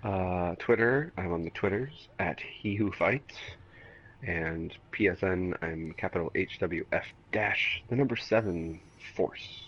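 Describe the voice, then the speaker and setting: A very deep, husky male voice cracks jokes on a casual podcast with mock indignation. His mic sounds dull and muffled. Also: measured pace, a bit bright. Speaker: podcast co-host.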